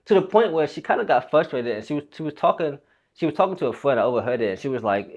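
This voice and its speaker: A man's voice: fairly high pitch, lively intonation, fast talker, a little mellow, lo-fi sound. A young man and fitness coach telling a personal story in a loose, rambling, casual way, swearing freely.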